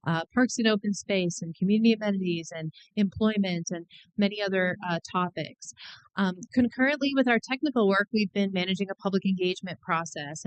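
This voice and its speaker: Woman consultant, smooth clear voice, friendly presenter with fillers, dry close sound. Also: mid-range voice, dry recording, rough recording. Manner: friendly, upbeat, with frequent fillers. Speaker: planning consultant. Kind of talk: public meeting presentation.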